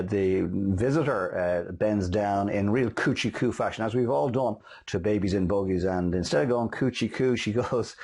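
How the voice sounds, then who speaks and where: A man hosting a motivational talk on selling, telling stories quickly with many fillers and restarts. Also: lowish voice, darkish tone. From Ireland. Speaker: host and sales motivational speaker. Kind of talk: casual motivational talk with anecdotes.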